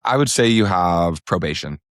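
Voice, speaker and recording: A man co-hosting a podcast, chatting casually and joking in quick bursts. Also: sits low, lively intonation, no room sound, studio quality. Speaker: podcast co-host. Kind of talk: casual chat.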